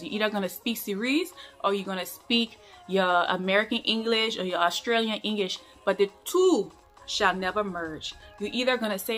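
A woman's voice: mid-range voice, a bit bright. A woman chats to her channel in a casual, humorous vlog. Her tone is playful and teasing, and she sometimes puts on a mock-sermon voice to scold for fun. Faint music plays under her voice. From Liberia. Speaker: vlogger.

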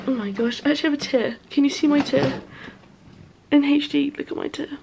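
A woman's voice: sits high, fairly even intonation, a little fast, vocal fry, darkish tone, slight background noise. A young woman in a student bedroom chatting casually to her handheld camera, bubbly and giggly. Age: young adult. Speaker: student vlogger. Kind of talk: casual vlog chat to camera. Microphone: handheld compact camera.

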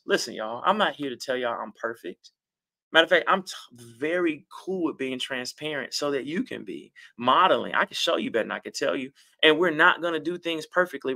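A middle-aged man giving relationship advice on a livestream, reading out viewer comments with a passionate, animated delivery. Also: fairly high pitch.

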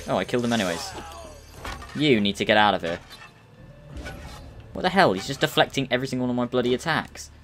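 A young man, giving chatty, excitable commentary while playing a video game. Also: medium pitch, fast talker, long pauses, music in the background. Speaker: let's play gamer. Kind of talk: casual gameplay commentary.

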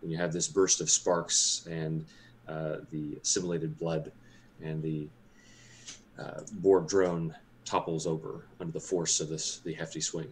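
A man's voice: a bass voice, flat delivery, a little slow, a little hiss or hum. A man playing a tabletop game who describes his character's actions in formal, proper speech. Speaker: player.

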